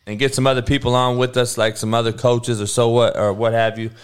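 A man's voice: medium pitch, a little fast, clear, resonant tone. Casual male sports streamer; clean resonant tone, talks loose and salty. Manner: profane, animated, laughing banter. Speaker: sports show host.

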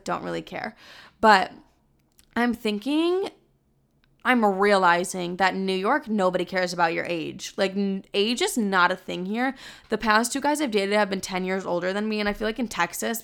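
A woman's voice: medium pitch, vocal fry, fairly bright tone, clear, resonant tone. A woman in her twenties chatting candidly as a vlogger, full of filler words and casual swearing. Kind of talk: casual chat.

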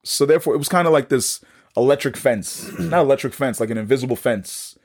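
A man's voice: medium pitch, brisk, darkish tone. A man with a New York accent telling his own story in a casual podcast conversation, acting out the dialogue and repeating words as he goes.

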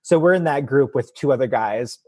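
A man with a husky voice, a guest telling an animated story in casual chat and acting out the quotes. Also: mid-range voice, brisk, no room sound.

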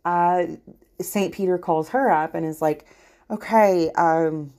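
Woman, low-pitched voice, therapist hosting a podcast, casual monologue, candid, emphatic, swears freely. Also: steady tone, unhurried, a little mellow. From Kentucky.

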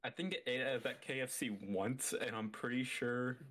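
A man's voice: medium pitch, fairly even intonation, normal speed, fairly bright tone. A man co-hosting a casual chat, easygoing and agreeable, hesitating with fillers as he gives his opinions. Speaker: co-host.

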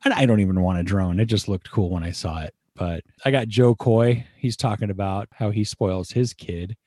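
Low, mellow-voiced podcast host. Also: male voice, normal speed, dry recording, studio quality. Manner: profane, rambling. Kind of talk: casual podcast chat.

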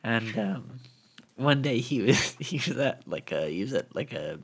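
A man's voice: mid-range voice, sing-song, a little slow, slightly rough. A man chatting casually on a podcast, telling rambling anecdotes with laughing asides. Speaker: podcast co-host. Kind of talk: casual chat, storytelling.

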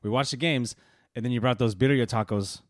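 A man co-hosting a casual podcast over beers, animated and laughing often, swearing freely. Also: mid-range voice, a little fast, no echo, studio quality. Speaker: podcast co-host.

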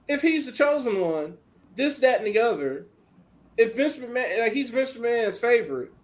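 A man with a very high voice talks casually on a podcast. He is animated, acts out quotes and laughs as he goes. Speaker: podcast co-host. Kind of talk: casual wrestling chat.

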